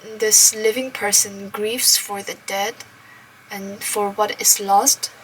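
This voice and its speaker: A woman reads a novel aloud at an easy pace, soft-spoken and now and then dropping to a whisper. She sits a little away from the mic, with a faint hiss behind her. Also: medium pitch, fairly even intonation, takes it slowly, recorded from a distance, rough recording. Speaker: book vlogger reading aloud. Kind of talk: reading a novel aloud with comments.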